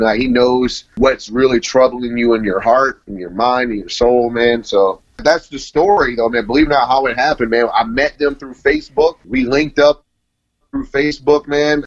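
Laid-back man in his thirties, lo-fi. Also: medium pitch. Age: 30s. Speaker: interview guest. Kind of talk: casual interview storytelling. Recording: dull lo-fi recording.

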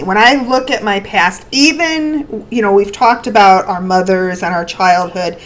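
Give me a slow-spoken woman podcast co-host who thinks aloud. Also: mid-range voice, rough recording. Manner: thoughtful, searching for words. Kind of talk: casual podcast conversation.

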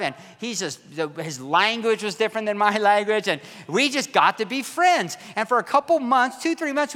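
A man's voice: sits high, sharp tone, in a large hall. A middle-aged male pastor preaching a casual, self-deprecating sermon, often repeating his words as he talks.

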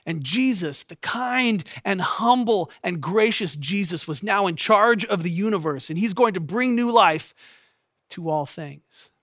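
A man in his thirties, a pastor, giving a sermon in a gentle, intimate storytelling way that often sinks to a soft hush. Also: high-pitched, animated, measured pace, dry recording, studio quality.

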